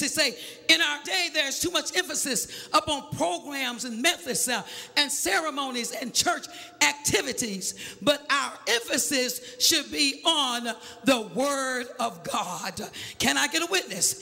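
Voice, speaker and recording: A man preaching a sermon, calling for a witness, shouting and half-singing his lines in an echoey church. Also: very high voice, vocal fry.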